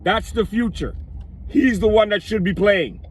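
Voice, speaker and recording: A man with a voice he says is going hoarse, talking emphatically to his viewers in a casual sports vlog. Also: sits high, very animated, moderate pace. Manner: emphatic, addresses viewers as "people". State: losing his voice. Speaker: vlogger.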